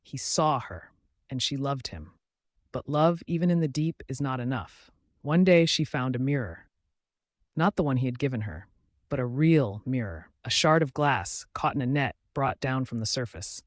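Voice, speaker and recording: A man narrating a folktale in a dramatic, measured way. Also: mid-range voice, animated, no room sound, clean studio sound. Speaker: storyteller.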